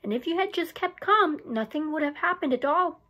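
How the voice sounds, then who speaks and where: A woman voicing a calm, patient mother in a storybook reading, level and reassuring. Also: sits high, moderate pace, voice pushed up.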